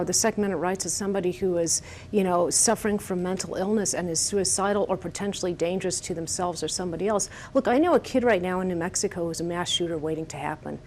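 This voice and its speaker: A woman's voice: on the low side, darkish tone, a little hiss or hum. A woman advocating in a panel debate, arguing earnestly and firmly. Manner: earnest, firm, persuasive. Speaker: gun-safety advocate.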